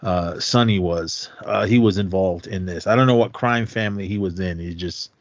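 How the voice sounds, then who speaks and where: Podcast co-host, male, from Oakland, lowish voice, rambling and upbeat, dry dull-sounding mic. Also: moderate pace, no echo. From Oakland, California. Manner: rambling, enthusiastic, laughs often. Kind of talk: casual movie review chat.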